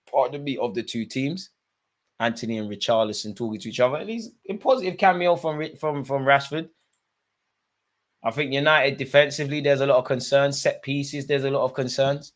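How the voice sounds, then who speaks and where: Guy doing a footy watchalong, mid pitch voice, yells at the ref, cracks jokes. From Eritrean heritage. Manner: excitable, shouts at players and ref; chatty, joking asides. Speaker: football watch-along host. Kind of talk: live match commentary to viewers.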